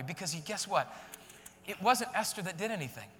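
A high-pitched, bright-toned man delivering an animated sermon, full of slangy retellings and direct appeals. His voice carries a long hall reverb. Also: fairly quick. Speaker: pastor.

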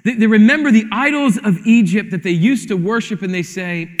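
A man's voice: sits high, a little fast. A man preaching a sermon, telling stories animatedly and acting out the dialogue. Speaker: pastor. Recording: hall reverb.

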